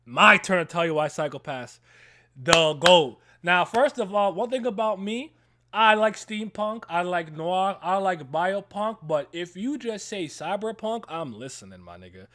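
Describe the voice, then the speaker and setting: Excitable high-voiced young man. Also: unhurried. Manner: excitable, loud bursts, laughs often, swears freely. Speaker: stream co-host. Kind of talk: casual hyped chat.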